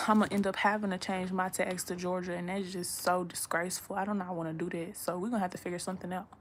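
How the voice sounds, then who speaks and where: Talking casually to the camera from her bedroom, this young vlogger from Texas rambles on bluntly and swears freely. She speaks quickly in a lowish, level voice with a fairly bright quality, over a faint hiss or hum.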